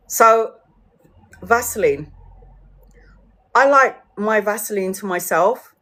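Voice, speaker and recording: A woman's voice: medium pitch, slow, pauses often, pushed and bright. Swearing, laughing British woman. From United Kingdom. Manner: swears a lot, laughs often, acts out quoted lines. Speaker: tarot livestreamer. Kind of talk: casual rant to viewers.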